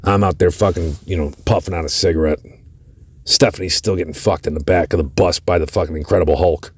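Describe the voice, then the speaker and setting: A man's voice: deep voice, fairly even intonation, fast, darkish tone, husky, no echo, clean studio sound. A man hosting a podcast, telling a story in a casual, profane way with lots of cursing. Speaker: podcast host.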